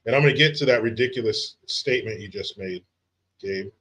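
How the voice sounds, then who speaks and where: A man hosting a casual livestream, reading out viewer comments and greeting people by name in an animated, profane way. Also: lowish voice, fairly quick, slightly rough. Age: adult father of young children. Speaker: livestream host.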